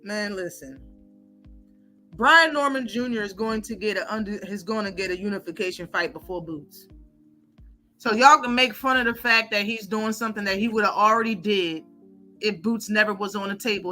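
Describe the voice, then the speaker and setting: A woman's voice: medium pitch, moderate pace, bright, forceful tone, soft background music. A woman hosting a live stream, giving heated, blunt and profane commentary.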